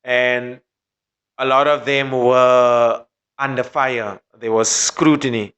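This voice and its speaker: A man's voice: medium pitch, little pitch movement, takes it slowly, a bit bright, clear, resonant tone, dull audio. Male podcast host, mid-range voice, casual and rambling. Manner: profane, rambling, with many fillers.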